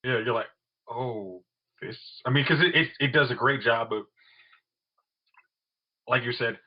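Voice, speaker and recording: A man's voice: mid-range voice, unhurried. A man co-hosting a podcast, chatting casually about a show and quoting characters playfully. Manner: relaxed, quotes characters in playful voices. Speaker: podcast co-host. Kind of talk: casual movie review chat. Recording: dull lo-fi sound.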